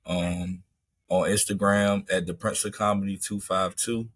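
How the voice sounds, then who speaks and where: Laid-back comedian man, low and dry. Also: level tone, unhurried, breathy edge, no echo. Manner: laid-back, rambling, fillers like "man" and "you know". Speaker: comedian guest. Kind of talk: casual interview chat.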